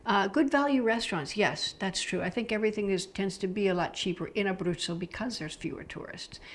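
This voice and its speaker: A middle-aged American travel vlogger talks casually about travel, loose and enthusiastic, with frequent fillers. Her voice is medium-pitched and brisk.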